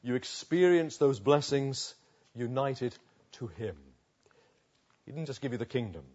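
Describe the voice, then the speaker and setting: A man preaches a sermon, slow and emphatic, with long pauses. His volume rises and falls sharply between quiet and loud passages, and his voice sits in a middle register. The recording is somewhat muffled. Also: medium pitch, expressive. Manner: dramatic swings between hushed and loud passages.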